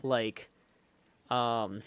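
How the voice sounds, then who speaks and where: A man's voice: medium pitch, fairly even intonation, drawn-out words, fairly bright tone, clean tone, no echo. A man live streaming while he plays, chatting casually and thinking aloud with lots of fillers, and greeting viewers in the chat.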